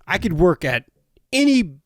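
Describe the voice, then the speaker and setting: A man's voice: high voice, very animated, measured pace, dry recording, clean studio sound. Blunt, foul-mouthed podcast co-host man. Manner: blunt, swears a lot. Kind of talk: casual chat.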